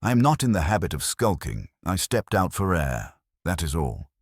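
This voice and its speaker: A cynical, unpleasant society man, voiced by a deep male narrator, sneering and cutting. The tone is husky and a touch above the narrator's usual very low pitch. It is a dry, close recording. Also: sing-song, normal speed, dry recording, full character voice.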